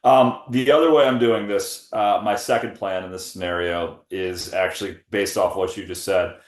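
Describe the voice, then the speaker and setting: A man's voice: low voice, steady tone, moderate pace, echoey room. A man co-hosting a podcast in casual chat, rambling and joking with plenty of swearing. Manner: rambling, jokey, swears freely. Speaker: podcast co-host.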